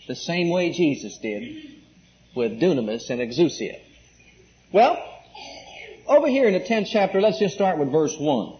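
A man's voice: fairly high pitch, sing-song, normal speed, pauses often. A man preaching an emphatic sermon, asking the congregation questions and repeating key words. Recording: muffled lo-fi recording.

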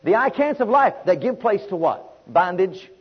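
A man preaching a sermon with emphatic, repetitive call-and-response delivery and a husky voice. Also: sits high, big pitch swings, moderate pace, highs cut off.

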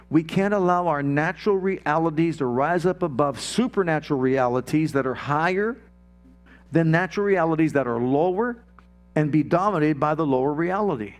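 A man preaching a sermon, with emphatic, repetitive declarations, slowing down and dropping low for emphasis.

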